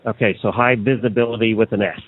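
A man's voice: fairly low pitch, fairly even intonation, fast talker, husky. A man hosting a live radio show at a trade show, chatting with guests in a loose, joking way with many fillers. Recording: tinny phone-like sound.

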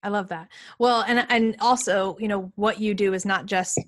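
A woman's voice: mid-range voice, fairly even intonation, normal speed, a bit bright. Chatty, enthusiastic woman podcast host. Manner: chatty and enthusiastic, with many fillers. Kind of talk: casual podcast chat.

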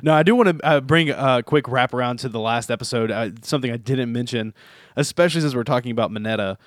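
A man's voice: medium pitch, fast talker, no echo. Amused man chatting, dry close sound. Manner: amused, chatty, lively asides. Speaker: podcast co-host. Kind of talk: casual anime recap chat.

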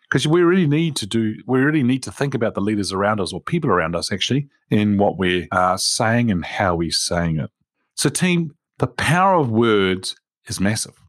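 Energetic motivational man, dry sound. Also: lowish voice, no echo. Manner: energetic, emphatic, calls listeners "team". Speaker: leadership coach and podcast host. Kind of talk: motivational monologue.

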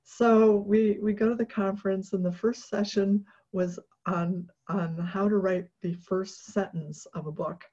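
A woman guest in an interview, telling a personal story in a casual, animated way with many fillers and restarts, often laughing. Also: mid-range voice, a little slow, hardly any pauses, breathy edge. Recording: dull lo-fi recording.

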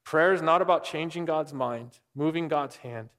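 A man's voice: a little high, moderate pace, a bit bright. Man preaching in a reverberant hall. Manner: conversational, asks the room questions. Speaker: pastor. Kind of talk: sermon.

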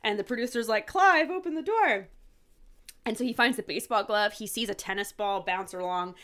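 A woman's voice: medium pitch, quick pace. A woman co-hosting a podcast, recapping a TV episode in a loose, chatty way. She fills her speech with "like" and slips into the characters' lines as she goes. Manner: animated retelling, many "like"s, acting out quoted lines. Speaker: podcast co-host. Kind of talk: casual chat recapping a TV episode.

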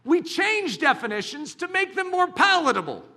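High, bright-voiced man preaching animatedly. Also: moderate pace. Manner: animated, dramatic preaching with bursts of shouting. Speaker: pastor. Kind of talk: sermon.

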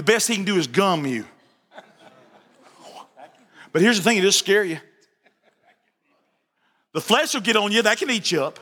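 Animated high-voiced preacher in a hall. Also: male voice, moderate pace, long pauses. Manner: animated storyteller, joking, repeats phrases. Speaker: pastor. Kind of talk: sermon.

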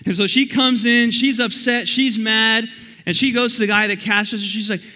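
A young man preaching as a youth pastor at a church youth service. He talks in an energetic, chatty way and often restarts his sentences while he tells stories. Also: high-pitched, normal speed. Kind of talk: youth sermon with storytelling.

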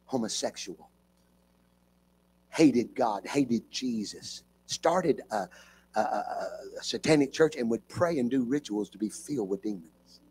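A man preaching a fervent revival sermon in a church, building from steady talk up to shouting. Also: medium pitch, unhurried, husky. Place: church with live congregation.

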